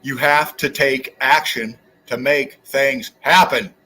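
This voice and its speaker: A man's voice: medium pitch, steady tone, takes it slowly, bright, forceful tone. A man hosting his own channel, delivering an angry, profane, preachy rant straight at his viewers. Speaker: channel host. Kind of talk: angry ranting monologue.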